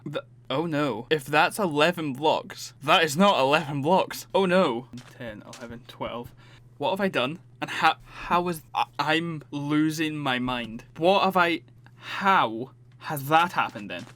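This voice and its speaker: A man's voice: on the high side, animated, measured pace, a bit bright. A man giving let's play commentary, talking to himself and mocking his own mistakes in an exasperated, self-deprecating way. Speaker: gaming YouTuber.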